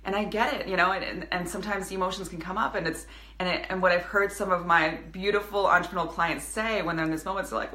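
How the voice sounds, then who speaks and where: A woman's voice: lowish voice, steady tone, quick pace, pushed and bright, echoey room. A woman in her thirties, a business coach speaking earnestly to her viewers in a live video, with many restarts. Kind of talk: casual motivational live video.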